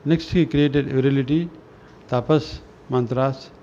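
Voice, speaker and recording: Guy reading scripture slow and halting, stumbles on words, faint hiss behind, kinda muffled. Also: medium pitch, steady tone, mellow. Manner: halting, restarts words, clears throat. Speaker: reader of a spiritual newsletter. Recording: dull lo-fi recording with faint noise.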